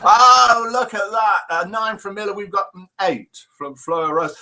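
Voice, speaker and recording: Male host, playful and chatty, animated and bright, slightly high voice. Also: measured pace, few pauses. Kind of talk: live chat show, reading jokes.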